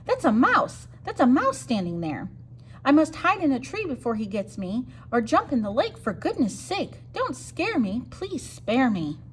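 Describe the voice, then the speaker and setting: A woman's voice: a little high, sing-song, normal speed, a little hiss or hum. A woman voicing a big apologetic male elephant in a storybook, pleading in rhyme. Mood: panicked. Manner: pleading, rhyming storybook speech.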